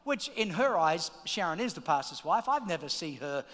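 A middle-aged man preaching a sermon as pastor, energetic and calling out to the congregation in a large church auditorium. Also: a little high, moderate pace. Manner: energetic, shouting calls to the congregation. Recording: long hall reverb.

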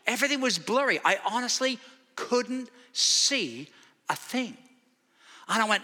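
In a large church sanctuary, a fifties-aged Australian man delivers a sermon at a moderate pace in an extremely high-pitched voice. As a pastor, he animatedly tells stories and performs the characters' lines.

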